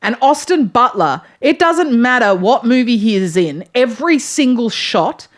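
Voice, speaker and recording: A woman's voice: a little high, expressive, normal speed. A woman co-hosting a casual podcast chat, emphatic and slangy. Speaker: podcast co-host.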